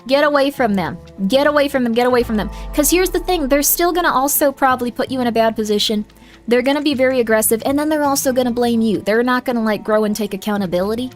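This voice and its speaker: A woman's voice: on the high side, fast talker, faint music behind. A young woman streaming a game, giving viewers motherly advice in a put-on southern drawl and calling them honey. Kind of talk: casual livestream chat.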